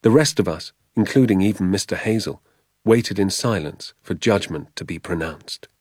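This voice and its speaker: A man reading a children's novel aloud as a measured, expressive storybook narration. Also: sits low, husky, no echo, clean studio sound. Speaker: audiobook narrator.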